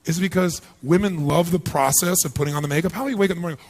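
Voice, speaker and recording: A man giving a live motivational seminar, energetic and punchy, constantly quizzing the audience with questions. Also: on the high side, rapid-fire. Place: large seminar hall with thousands present.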